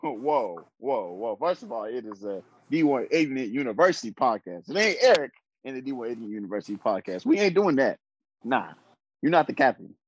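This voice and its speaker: A man co-hosts a casual podcast, boasting playfully with a lively, swinging voice. The recording sounds dull and lo-fi, and dry. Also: mid-range voice, a little fast, no echo. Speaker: podcast co-host.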